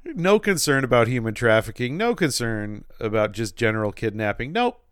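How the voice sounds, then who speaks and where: A man co-hosting a podcast, making wry, animated comments about a movie. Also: mid-range voice, normal speed, clean tone, dry recording, clean studio sound. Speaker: podcast co-host. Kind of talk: casual movie chat.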